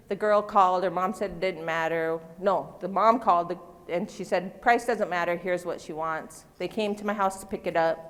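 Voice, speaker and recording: On stage in a large convention hall, a middle-aged woman demonstrates floral design live, her medium-pitched voice fairly bright. She's chatty and self-deprecating, joking with the audience, and the recording carries a long hall reverb.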